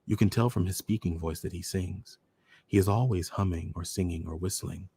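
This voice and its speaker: A man hosting a storytime show, reading a short story aloud in a measured, deliberate way. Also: sits low, mellow, a little hiss or hum. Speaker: storyteller host.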